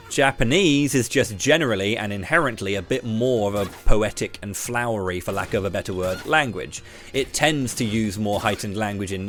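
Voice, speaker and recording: A British man with a slight lisp, streaming live and ranting to his chat while throwing quick questions at viewers. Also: lowish voice, a bit bright. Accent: British English. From Britain. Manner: ranty, talks straight to chat with quick questions.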